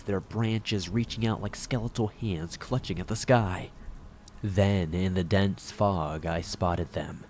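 A man with a fairly low voice reads a horror story aloud. His delivery is measured and dramatic, building suspense line by line. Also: steady tone, a little mellow, slight background noise. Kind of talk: scripted horror narration.

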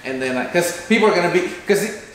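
A man's voice: sits high, expressive, quick pace. A man hosting, casually talking through a plan for a video and acting out lines. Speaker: channel host. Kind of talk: casual planning chat. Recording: very echoey room, faint noise.

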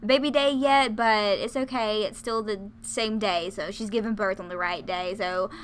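A woman's voice: medium pitch, fairly even intonation, normal speed, a little hiss or hum. A woman casually commentating her life-sim game, chatty and laughing often. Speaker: let's play host.

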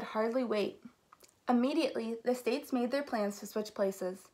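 A woman from a school staff reads a children's picture book aloud. Her slightly high voice carries a lively, engaged storytelling manner. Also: moderate pace. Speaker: elementary school staff member.

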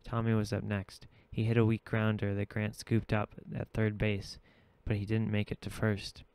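A man reading a novel aloud in steady, measured audiobook narration. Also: fairly low pitch, gravelly, clean tone, no echo. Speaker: audiobook reader.

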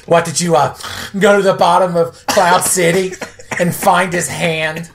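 A man's voice: sits high, fairly even intonation, unhurried, creaky, voice pushed up. Man putting on a nitpicking nerd voice. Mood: fussy. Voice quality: nasal nerd voice. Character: nerdy fussy man nitpicking movie details.

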